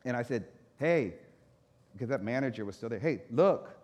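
A man's voice: medium pitch, normal speed. A man who is a pastor, telling a personal story in a sermon and acting out his own reactions. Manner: animated storyteller, acts out his own anger. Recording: echoey hall reverb.

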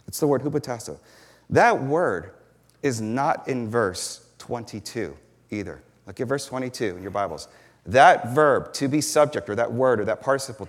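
Man preaching in a reverberant hall. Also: medium pitch. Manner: earnest, explanatory, emphatic on key points. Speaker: pastor. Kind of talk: sermon teaching.

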